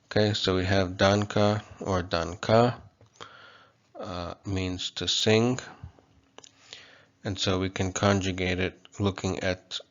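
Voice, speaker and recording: A man teaching a casual whiteboard language lesson, halting often with fillers and restarts as he explains. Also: deep voice, flat delivery, highs cut off.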